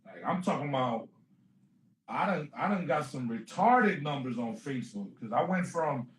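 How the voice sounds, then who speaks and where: A man's voice: fairly high pitch, moderate pace. A man, a guest comedian, telling stories in casual interview chat, acting out quotes and laughing often. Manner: animated storyteller, acts out quotes, laughs often. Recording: echoey room.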